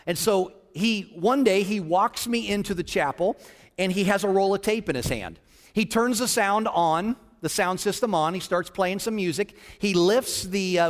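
A man preaching a personal story to a congregation, animated and acting out what people said. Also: long reverb tail. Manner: animated, acts out quotes with big pitch swings. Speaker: children's ministry leader. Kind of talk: sermon storytelling.

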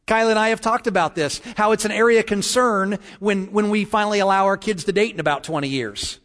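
A man preaching a sermon as pastor, praying and telling jokes in a lively storytelling manner. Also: sits high, fast, in a large hall.

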